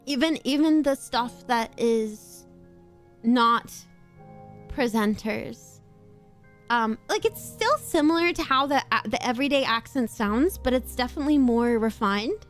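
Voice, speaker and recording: A woman chatting casually while playing a game on stream, rambling through quick asides and laughing often. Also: a little high, expressive. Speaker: VTuber streamer. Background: faint background music.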